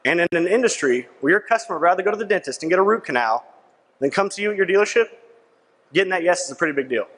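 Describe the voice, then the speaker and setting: A man's voice: high voice, lively intonation, racing, a bit bright. A young man giving a persuasive sales presentation at a conference, punchy and repetitive, often asking "right?" to the crowd. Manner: punchy, repeats key lines. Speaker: conference speaker. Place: large conference hall. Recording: long reverb of a big hall.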